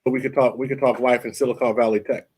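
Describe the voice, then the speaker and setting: Husky male host, animated storyteller, casual stream banter. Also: medium pitch, quick pace. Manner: animated storytelling, mimics people in quotes. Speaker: podcast host. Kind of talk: casual live-stream chat.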